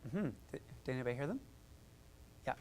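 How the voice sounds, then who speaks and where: A music therapist runs a live group workshop, talking people through vocal exercises. The voice swoops up and down expressively, encouraging and chatty, full of quick asides to the room. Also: medium pitch, expressive, warm tone, slight background noise.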